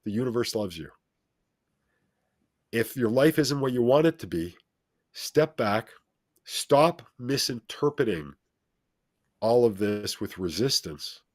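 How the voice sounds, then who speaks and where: A man's voice: medium pitch, expressive, takes it slowly, long pauses, no room sound. A man talking as a show guest, telling a personal story in an earnest, motivational way and repeating phrases for emphasis.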